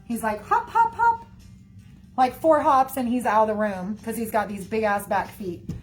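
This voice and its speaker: A woman with a somewhat high voice chats casually and rambles on to her viewers. She talks loosely, with plenty of "like" and "y'all", and faint music plays behind her. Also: normal speed. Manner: rambling, chatty, heavy on "like" and "y'all". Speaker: livestreamer talking to viewers. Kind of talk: casual chat.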